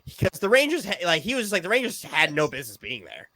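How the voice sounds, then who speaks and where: A man hosting a casual sports podcast, loud and excitable, swearing freely. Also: on the high side, quick pace, no echo. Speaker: podcast host.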